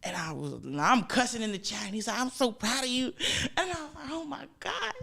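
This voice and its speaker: Lively, bright-voiced woman telling stories. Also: a little high, brisk. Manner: playful, laughing, dramatic retellings. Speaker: athlete guest. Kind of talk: animated casual storytelling.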